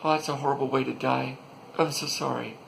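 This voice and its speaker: A man's voice: mid-range voice, fairly even intonation, brisk, vocal fry, noisy background, pitched above the performer's own voice. A man voicing a frantic enemy soldier, shrieking apologies over fallen comrades in a squealing, overwrought voice. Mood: panicked, wailing.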